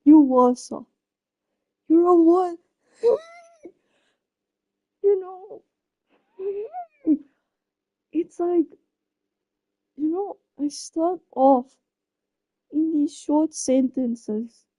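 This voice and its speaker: High-voiced girl streaming, flustered and exclaiming, slow and mellow. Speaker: live streamer. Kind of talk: casual chat.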